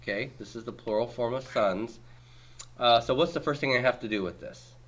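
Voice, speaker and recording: Forceful, bright-voiced male teacher. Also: mid-range voice, fairly quick. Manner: explains patiently, quizzes the class, uses homely comparisons. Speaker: Hebrew grammar teacher. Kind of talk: classroom lecture with questions to students. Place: classroom with students.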